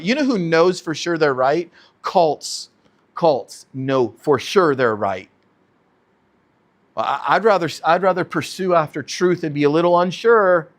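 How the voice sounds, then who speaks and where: A man, a pastor, teaching verse by verse with animated delivery, rhetorical questions and chuckling asides. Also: fairly high pitch.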